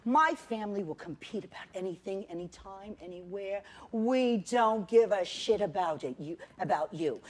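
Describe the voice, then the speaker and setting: A woman's voice: mid-range voice, moderate pace, few pauses. A middle-aged woman performing a sardonic, profane storytelling monologue on a theater stage. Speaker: solo performer.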